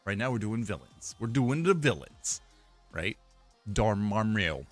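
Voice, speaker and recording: Young guy rambling on stream, lowish voice, kinda slow. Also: big pitch swings, soft background music. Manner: rambling, repeats himself, frequent laughs and fillers. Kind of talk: casual live-stream chat.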